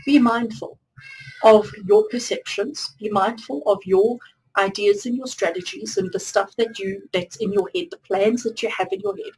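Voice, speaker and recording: A woman's voice: on the high side, distant mic, low-quality recording. A woman with a slightly raised voice gives a pick-a-card tarot reading, earnest and encouraging as she speaks straight to the listener. The mic sits a little away from her, with a faint hiss of noise underneath.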